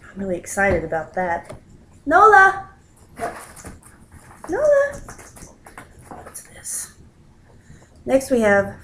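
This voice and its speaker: A young woman vlogs from a room at home, chatting as she opens a package and occasionally cooing at her cat in a high-pitched baby voice. The audio, taken from a built-in laptop mic, is poor, with a little background noise.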